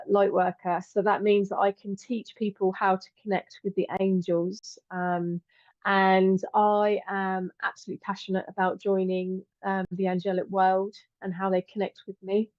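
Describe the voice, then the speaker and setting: A woman's voice: mid-range voice, steady tone, unhurried, dry recording, muffled recording. A middle-aged woman hosting a live stream, chatting affectionately as she greets viewers and calls them "my lovely". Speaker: host and angel teacher.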